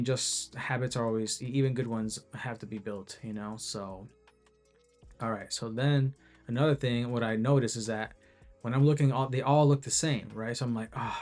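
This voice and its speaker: A man's voice: mid-range voice, fairly even intonation, a little fast, a little mellow, soft background music. A man who made an app, talking casually and rambling through a screen-share video, restarting sentences and filling gaps with "you know.". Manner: rambling, self-interrupting, many fillers. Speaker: app creator.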